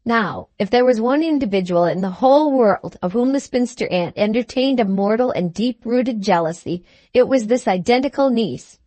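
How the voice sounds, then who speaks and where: A woman narrates an audiobook in a measured, even storytelling manner. Her voice sits on the higher side and is recorded dry and close, with no room echo. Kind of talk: scripted narration.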